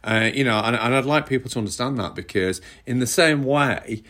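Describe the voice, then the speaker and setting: A man's voice: mid-range voice, fairly quick, a bit bright. A middle-aged man with a northern English accent, co-hosting a casual chat and talking in a rambling, conversational way with restarts. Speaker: podcast co-host.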